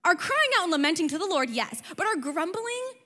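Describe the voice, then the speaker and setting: A woman's voice: very high-pitched, brisk. Woman preaching in a reverberant hall. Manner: animated, conversational preaching with rhetorical questions. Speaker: pastor. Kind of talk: sermon. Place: church auditorium. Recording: long reverb of a large hall.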